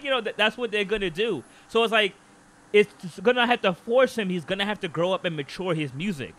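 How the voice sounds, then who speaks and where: A man co-hosting a casual podcast, animated and opinionated, often slipping into quick impressions of what other people would say. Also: high voice. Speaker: podcast co-host.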